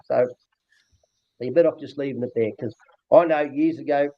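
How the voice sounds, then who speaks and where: A man's voice: mid-range voice, brisk, dry recording. An older man with an Australian accent, a dog trainer talking bluntly and rambling earthily in a casual interview. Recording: dull lo-fi dry recording.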